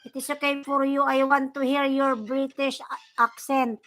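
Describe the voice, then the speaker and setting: A woman from the Philippines with a Filipino accent, hosting a casual livestream, mixing English and Tagalog as she reads viewer comments and gives shout-outs. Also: high-pitched, level tone, moderate pace. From Bicol, Philippines. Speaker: livestream host.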